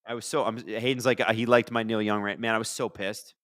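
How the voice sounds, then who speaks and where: A man's voice: fairly low pitch, fast, no room sound, studio quality. Chatty man hosting a hockey watchalong. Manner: rambling, chatty, jumps from storytelling to excited play calls. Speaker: livestream watchalong host. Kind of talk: casual live hockey watchalong commentary.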